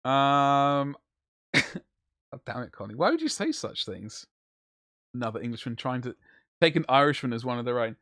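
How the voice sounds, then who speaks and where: A man chatting away on a live stream as he paints, with a lively, swooping delivery. He rambles and jokes through loose, casual banter. His voice sits close and dry, with no room sound. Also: medium pitch, moderate pace, pauses often, no room sound. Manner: rambling, jokey banter with chat. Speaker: livestreamer.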